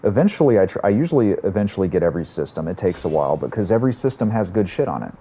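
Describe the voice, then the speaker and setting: A man's voice: low-pitched, sing-song, racing, dark tone. A man streaming a game, chatting casually and telling stories in a rambling, profane way. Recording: slightly muffled audio, faint room hum.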